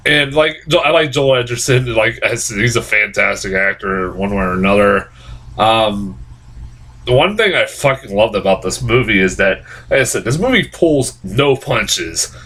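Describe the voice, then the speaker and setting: A man reviewing a film in loose, unscripted talk, piling up fillers and false starts. He swears casually and often. His voice comes across bright and forward. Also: mid-range voice, poor audio. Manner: rambling, heavy fillers and restarts, frequent swearing. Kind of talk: casual spoken movie review.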